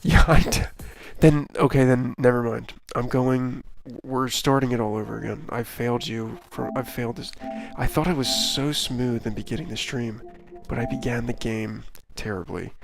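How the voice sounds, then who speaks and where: Male streamer, mid pitch, gravelly, rambling and self-mocking, game music clear behind. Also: fairly even intonation, moderate pace. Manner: rambling, self-deprecating, jokey asides. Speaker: streamer playing a video game. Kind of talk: casual live-stream chat. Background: video game music.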